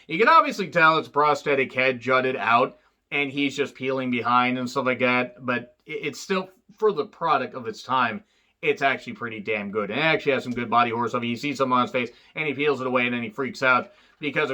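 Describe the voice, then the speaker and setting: A man's voice: fairly quick, sharp tone. A man casually recapping and reviewing a film, rambling and profane, with many fillers and wisecracks. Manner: jumps up in pitch when acting out quotes. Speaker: movie reviewer.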